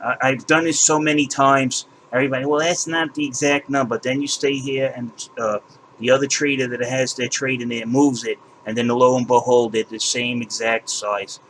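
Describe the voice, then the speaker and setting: A man's voice: medium pitch, level tone, moderate pace, fairly bright tone, a little hiss or hum, low-quality recording. A man hosting a channel, ranting with indignation and exasperation, swearing and repeating words as he walks viewers through his screen. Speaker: crypto channel host.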